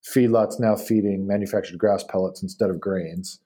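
A man talks casually as a podcast guest and slips easily into animated anecdotes. His voice sits low and warm, with a slightly husky edge. He speaks in loose runs broken by fillers and restarts. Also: moderate pace. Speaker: guest expert on beef.

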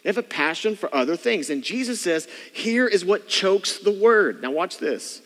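A man's voice: high voice, lively intonation, moderate pace, fairly bright tone. A man preaching a conversational sermon as pastor, often slipping into the voices of churchgoers to show what they think. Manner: conversational preaching, mimics churchgoers' inner thoughts. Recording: long hall reverb.

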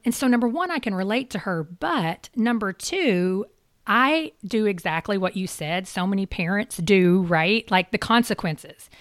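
A woman's voice: medium pitch, lively intonation, unhurried, no room sound, clean studio sound. A woman hosting a parenting interview, talking in a reflective, agreeing way and relating points to her own life. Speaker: podcast host. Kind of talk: conversational interview.

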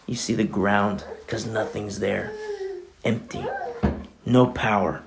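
A man preaching a sermon as pastor, in a conversational, animated way full of asides. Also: on the low side, slow, vocal fry, noisy background.

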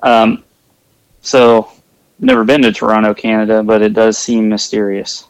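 A man co-hosting a casual movie watch-along podcast, easygoing and quick to laugh, sharing film trivia. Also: fairly low pitch, very animated, creaky, smooth, no room sound, rough recording. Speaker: podcast co-host.

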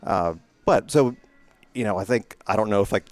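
A man's voice: lowish voice, normal speed, dry recording, faint music behind. A middle-aged man, a retired racing driver, telling stories as a guest in a casual interview, rambling with many fillers and restarts.

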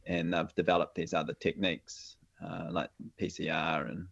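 Deep-voiced New Zealand man on a video call. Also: moderate pace, gravelly, slightly rough. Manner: relaxed, hesitant, many fillers and restarts. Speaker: guest. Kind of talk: casual conversation. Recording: dull lo-fi audio.

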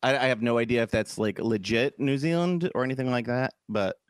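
A man co-hosting a podcast in casual, rambling chat, animated and quick to laugh. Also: mid-range voice, clear, resonant tone, dry recording, studio quality. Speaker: podcast co-host.

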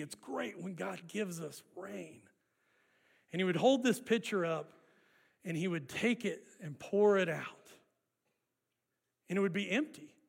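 A man's voice: high voice, gravelly. A man preaching a sermon, walking his congregation through an old festival ritual and leading them in responses. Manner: animated, leads congregation in call-and-response. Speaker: pastor.

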